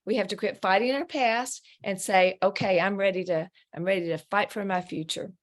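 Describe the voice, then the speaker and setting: A middle-aged woman talks earnestly in an interview about her work and faith. She tells her story with animated emphasis, as if recounting it to a friend, over what sounds like a video call. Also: mid-range voice, normal speed. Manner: earnest, animated storyteller who acts out quoted voices. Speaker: guest, ministry founder.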